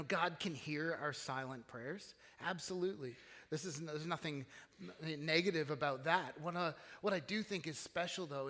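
A man's voice: on the high side, fairly bright tone, long reverb tail. A man preaching a sermon as pastor, in an earnest, conversational way with frequent restarts, in a church. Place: church sanctuary.

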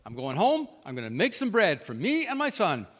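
A bitter, desperate widow's outburst, a man acting her out, climbing high and loud with lively swings of pitch. It echoes with a long reverb, as in a large hall. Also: fairly quick, heavily acted. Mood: bitter despair. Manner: raised, exasperated outburst.

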